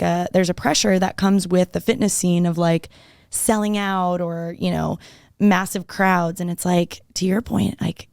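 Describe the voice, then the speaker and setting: A woman's voice: fairly low pitch, vocal fry, darkish tone, dry recording, clean studio sound. A woman fitness instructor, talking bluntly and emphatically as a podcast guest, swearing freely. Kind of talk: casual podcast conversation.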